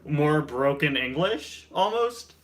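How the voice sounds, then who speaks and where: A young man hosting a casual chat, enthusiastic and quick to laugh. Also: fairly high pitch, big pitch swings. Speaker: host.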